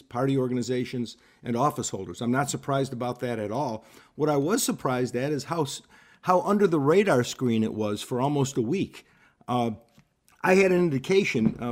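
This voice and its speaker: An older man, a political commentator explaining events in a measured, explanatory way on a radio interview. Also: medium pitch. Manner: measured, explanatory, with repetitions and fillers.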